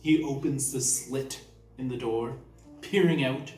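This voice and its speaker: A man running a tabletop game as game master, giving relaxed, descriptive narration. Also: mid-range voice, a little slow. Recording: roomy, distant mic, faint music.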